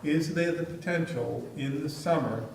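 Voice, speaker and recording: A man's voice: a little high, normal speed, vocal fry, a little mellow, slight background noise. A man speaking as school superintendent at a board meeting, telling chatty, amused stories. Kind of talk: meeting remarks and storytelling. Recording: echoey room, distant mic.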